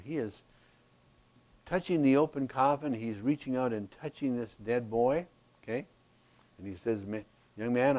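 A man preaching a sermon, teaching verse by verse in a slow, emphatic way and checking in with "Okay?". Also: medium pitch, dark tone, low-quality recording. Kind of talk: expository sermon.

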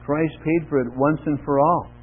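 A man preaches in church, his voice slightly high and husky. He reads verses and puts questions to the congregation, rising in pitch and volume for emphasis. The recording is tinny and narrow, like a phone line, with mains hum. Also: steady tone, moderate pace. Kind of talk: sermon with Bible reading.

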